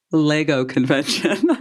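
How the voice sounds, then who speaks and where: A man from San Antonio, co-hosting a podcast and telling rambling stories in a casual chat, laughing often and swearing freely. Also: on the high side. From San Antonio, Texas. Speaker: podcast co-host.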